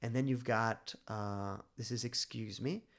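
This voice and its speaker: Gravelly-voiced man casually explaining a study method. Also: mid-range voice, a little slow. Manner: relaxed, thinking aloud with fillers and restarts. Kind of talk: casual screen-share tutorial.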